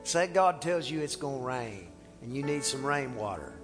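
A male pastor preaching a sermon in a church, animated and playful, acting out little dialogues as he talks. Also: medium pitch, normal speed, in a large hall, over music. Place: church sanctuary.

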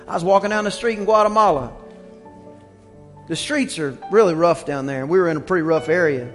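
A man preaching a sermon as pastor, telling stories and breaking into shouts on his strongest points. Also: high voice, soft background music. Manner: preaching with rising shouts and quick asides.

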